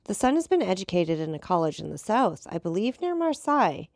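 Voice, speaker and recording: A man's voice: high-pitched, sing-song, brisk, vocal fry, no room sound, studio quality, heavily acted. A woman reading as a composed, mocking male count who hosts a dinner. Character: mysterious wealthy male count, calm, ironic host.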